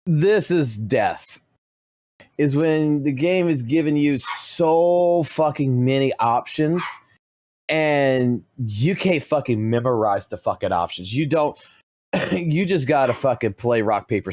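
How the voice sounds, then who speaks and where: A male streamer talks to his live chat in a loose, blunt way, dropping swear words into nearly every sentence. His voice sits at an ordinary mid pitch. The sound is dry and close, with no room echo. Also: a little slow, darkish tone. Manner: profane and blunt, swears constantly. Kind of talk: casual live-stream talk.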